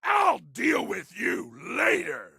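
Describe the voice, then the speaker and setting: An actor voicing a hulking, gleefully murderous game monster who bellows short, brutish threats and taunts. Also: male voice, extremely high pitch, sing-song, slow, gravelly, pushed and bright, breathy edge, no echo, raised voice, full character voice. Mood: raging taunts. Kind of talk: game character voice lines.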